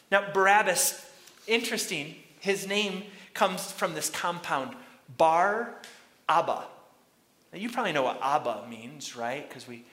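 A man preaching a sermon, retelling a story dramatically and shouting out the crowd's lines. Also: on the high side, echoey room.

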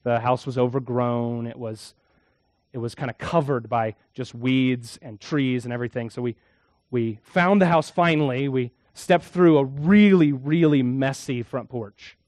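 A man preaching a sermon as a pastor, telling a story and shifting from hushed, quiet moments to loud, emphatic ones. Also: medium pitch, unhurried, dry recording, studio quality.

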